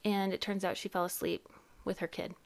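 A woman's voice: mid-range voice, little pitch movement, fairly quick, vocal fry. A woman in her thirties hosting a casual podcast, chatty and rambling, often laughing and cutting herself off. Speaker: podcast host and therapist.

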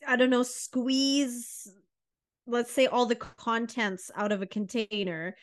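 Chatty woman, higher voice, podcast co-host. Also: fairly even intonation, slow. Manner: chatty, laughs often, rambling analogies. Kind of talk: casual chat.

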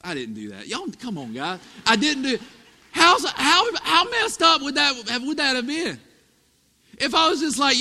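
A bright, high-voiced man in his thirties preaching to a congregation. He tells stories with lively swings and builds to emphatic peaks. His voice rings out in a long hall reverb. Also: moderate pace. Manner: storytelling, animated, rising to emphatic peaks. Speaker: pastor. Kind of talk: sermon.

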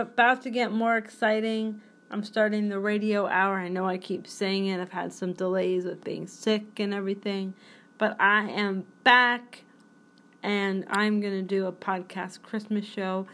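A woman's voice: mid-range voice, fairly bright tone. A woman in her forties hosting her own podcast, chatting in a goofy, rambling way and jumping from topic to topic. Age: 40s. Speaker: podcast host. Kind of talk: rambling solo podcast chat.

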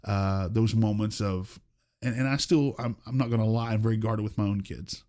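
A man's voice: fairly low pitch, fairly even intonation, normal speed, darkish tone. A man in his forties, a senior pastor, telling personal stories earnestly in a casual conversation and acting out what people said. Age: 40s. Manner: earnest storytelling, acts out quoted voices.

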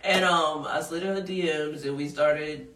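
A woman's voice: low voice, fairly even intonation, normal speed, fairly bright tone, echoey room, recorded from a distance. A woman hosting a podcast in a studio, talking casually and frankly, laughing often and swearing freely. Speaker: podcast host.

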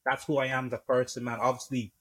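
A young man with a Dublin Irish accent talks easily as a podcast guest, dropping "obviously" and "man" into nearly every sentence. His voice has a slightly husky grain, and his pitch sits in the middle for a man. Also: level tone, fast, a bit bright. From Ireland. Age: young adult. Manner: says "man" and "obviously" constantly, bantering. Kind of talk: casual podcast chat.

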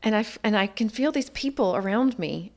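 This guest, a woman of medium pitch, speaks expressively and a little fast while telling her life story. She is earnest and reflective, slipping into quoted dialogue to portray what others said.

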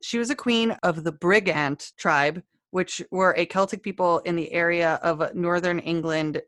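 A woman's voice: lowish voice, unhurried, fairly bright tone, no room sound. A woman co-hosting a casual podcast, telling a history story in a chatty, self-deprecating way with frequent laughs. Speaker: podcast co-host.

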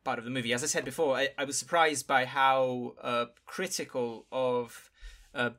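A man's voice: medium pitch, steady tone, moderate pace, fairly bright tone. A man co-hosting a podcast, talking through a film in a casual, thoughtful way and searching for words as he goes.

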